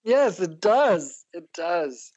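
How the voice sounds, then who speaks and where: A woman's voice: fairly low pitch, sing-song, very slow, a little mellow, muffled recording. An older woman, a guest on a podcast, telling reflective personal stories and laughing often. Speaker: interview guest, psychotherapist. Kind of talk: conversational storytelling.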